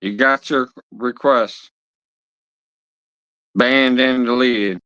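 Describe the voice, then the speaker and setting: Swearing a lot, a fishing channel's livestream host scolds his viewers in a blunt way. His medium-pitched voice is smooth and fairly bright, with fairly even intonation and drawn-out words, though the audio is dull.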